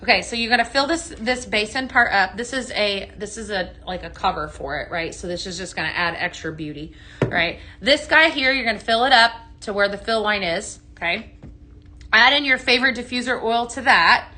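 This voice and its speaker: A woman's voice: medium pitch, lively intonation, normal speed, bright, forceful tone, slight background noise. A woman hosting a live home-fragrance sales stream, chatty and full of ums and okays, greeting viewers by name while demonstrating products.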